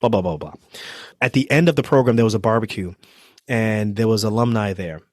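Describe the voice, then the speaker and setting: Animated male surgeon telling a story. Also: lowish voice, fairly quick, no echo, clean studio sound. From New Jersey. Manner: animated storyteller, acts out what people said. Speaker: trauma surgeon guest. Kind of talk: storytelling interview.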